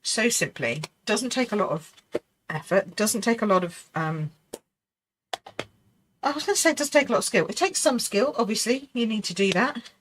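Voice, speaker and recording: A woman's voice: medium pitch, animated, moderate pace, slight background noise. A middle-aged woman hosting a live card-making lesson, chatty and reassuring, laughing often and talking to herself as she works. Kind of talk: live crafting demonstration.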